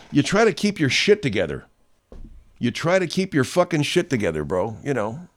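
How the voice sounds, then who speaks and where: Animated, profane male talk show host. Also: medium pitch, normal speed. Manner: profane, digressive, animated storytelling. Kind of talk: casual show monologue.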